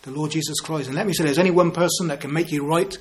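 Male preacher, 50s, earnest sermon delivery with rhetorical questions, slightly higher voice. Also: fairly even intonation, fast. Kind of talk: evangelistic sermon.

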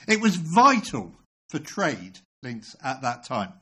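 Older guy preaching in church, husky voice, swoops up and down telling his story. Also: on the high side, slow pace. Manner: animated storytelling, self-deprecating humor. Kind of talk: sermon with storytelling.

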